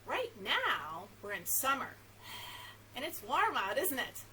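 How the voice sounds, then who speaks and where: A woman children's librarian at story time, talking to young children in an animated, sing-song way and reading a picture book aloud. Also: high voice, slow pace. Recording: distant mic with faint background noise.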